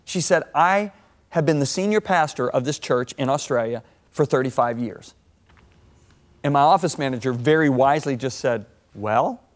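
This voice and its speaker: A man in his sixties, a guest on a TV talk show, telling stories in a lively sermon-like way with big swings of voice. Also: medium pitch, moderate pace. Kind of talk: animated storytelling sermon-talk.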